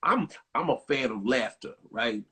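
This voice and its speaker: Husky middle-aged man, casual chat. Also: medium pitch, measured pace. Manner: steady listener, affirming, reflective.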